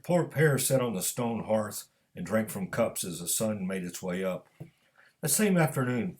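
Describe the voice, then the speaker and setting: A man reading his own fiction aloud as scripted narration, measured and steady. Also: on the low side.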